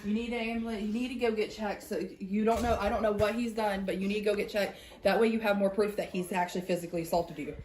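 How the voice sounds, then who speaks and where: A woman's voice: mid-range voice, steady tone, fast, hardly any pauses, darkish tone, reverberant, a little hiss or hum. A woman talking in a blunt, urgent way in casual conversation.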